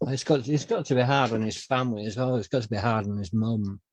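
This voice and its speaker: A man's voice: mid-range voice, steady tone, fast, a little mellow. A man, the interviewer, speaking in a hesitant, thoughtful way in a casual conversation. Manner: hesitant, many fillers and restarts. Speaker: interviewer, author and poet.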